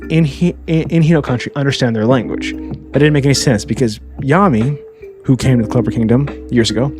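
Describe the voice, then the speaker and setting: A man casually recapping an anime for his channel, chatty, and often adding "all right?" as a tag. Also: medium pitch. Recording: clear background music.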